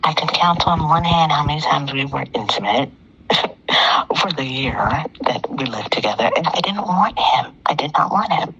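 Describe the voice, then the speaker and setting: A woman's voice: sits low, expressive, normal speed, a bit bright, husky, highs cut off. A middle-aged woman calling in to a talk show, telling a personal story in an emphatic way and repeating phrases for effect. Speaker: caller.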